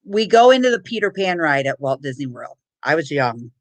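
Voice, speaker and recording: A woman telling a funny family story in casual chat, lively and laughing. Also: low-pitched, normal speed. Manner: lively, laughing, acts out shouted quotes.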